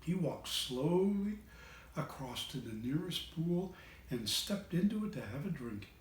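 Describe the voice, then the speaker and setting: A man reading a children's storybook aloud in an expressive voice, changing voices for the characters. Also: a little high, measured pace, far from the mic, slight background noise. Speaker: reader of children's books. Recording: echoey room, away from the mic.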